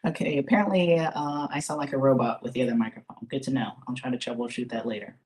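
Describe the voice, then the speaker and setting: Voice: medium pitch, steady tone, fast talker, a little mellow. A presenter leading a live webinar over a computer microphone, talking casually with many fillers and restarts. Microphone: computer microphone on a video call.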